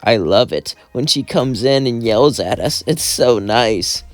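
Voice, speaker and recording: A man voicing a giddy excitable young woman. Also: medium pitch, a little slow, no room sound, faint music behind, natural voice.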